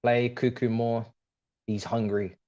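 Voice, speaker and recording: Guy reacting live to a football match for his stream, fan talk, mid pitch, dry sound. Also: flat delivery, takes it slowly, darkish tone, no echo, dull audio. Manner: passionate fan, talks straight to viewers. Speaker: watch-along streamer. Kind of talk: live football watch-along commentary.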